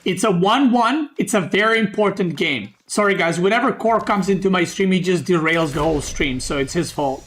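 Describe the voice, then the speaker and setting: A man casting a strategy game on his stream in a fairly high voice. He teases his chat, swears casually and keeps things loose, with keyboard typing in the background. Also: a little fast, hardly any pauses, fairly bright tone, a little hiss or hum. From Serbia. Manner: joking, bickering with chat, swears.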